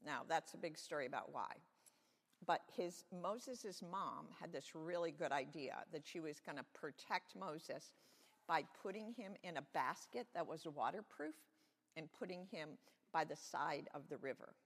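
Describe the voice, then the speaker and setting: A woman giving a children's sermon, talking gently and plainly to kids. Her voice sits a little low with a gravelly fry. It echoes through a large church sanctuary. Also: lively intonation, normal speed. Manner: friendly, explaining simply to children.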